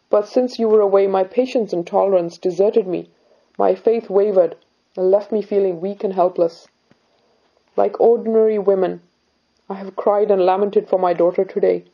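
A woman's voice: mid-range voice, warm tone, slightly rough, dull audio. A woman voicing a grieving, devout middle-aged mother who pleads to search for her lost daughter. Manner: anguished, pleading, self-reproaching.

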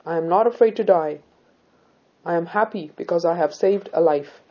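A brave young woman, calm and unafraid, who speaks politely but firmly, as a woman reads her. The voice is low, soft-edged and husky, with a dark tone. The recording is slightly dull and lo-fi. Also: normal speed, lightly acted. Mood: resolute.

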